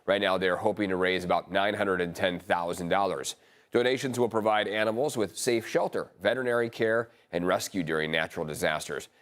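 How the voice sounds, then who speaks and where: Man reading local news, low voice. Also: fairly quick, a bit bright. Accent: American. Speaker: news anchor.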